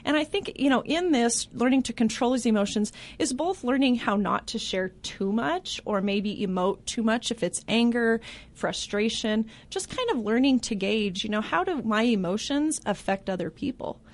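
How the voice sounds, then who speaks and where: A woman with a slightly high voice, speaking as a guest on a talk show. She explains her points earnestly and in detail, and often affirms the host. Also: moderate pace. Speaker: guest, parenting blogger.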